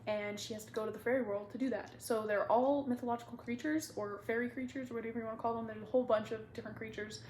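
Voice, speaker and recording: A woman's voice: on the high side, fairly even intonation, fast talker, few pauses, darkish tone, a little hiss or hum. Chatty, gushing young woman in echoey room. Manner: gushing, chatty, lots of fillers. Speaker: book vlogger. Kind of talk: casual book recommendation chat.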